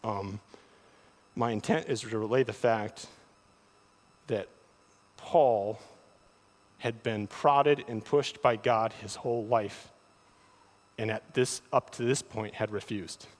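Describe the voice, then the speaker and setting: A man preaching a sermon, often repeating words as he starts a thought, with animated delivery. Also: fairly low pitch, slow pace, long pauses. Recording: long hall reverb.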